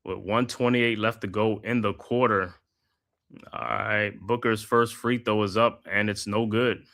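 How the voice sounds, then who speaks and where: A man hosting a live watch-party stream, calling the game play by play in a steady flow with casual slang asides. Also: fairly low pitch, a little slow. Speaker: host.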